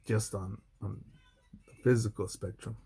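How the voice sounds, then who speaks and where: A former Marine speaks to camera in a loose, profane monologue, his voice dark and mellow. He tells his story bluntly, breaking off and restarting his sentences, while faint music plays underneath. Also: steady tone, unhurried, creaky, husky. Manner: mimics others in a high mocking voice. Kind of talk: unscripted vlog monologue.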